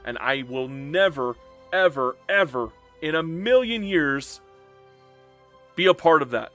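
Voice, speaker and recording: Animated, bright-voiced man streaming a game. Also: on the high side. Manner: animated, talks straight to chat, swings from joking to earnest. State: a little emotional and upset. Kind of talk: casual live-stream commentary.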